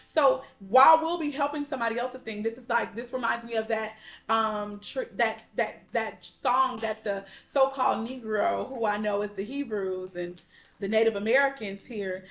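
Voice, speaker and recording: A woman's voice: a little high, a bit bright. A woman giving a casual spiritual tarot reading to her viewers. She is chatty and heartfelt, calls them y'all and baby, and swears now and then. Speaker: tarot card reader. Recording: roomy echo.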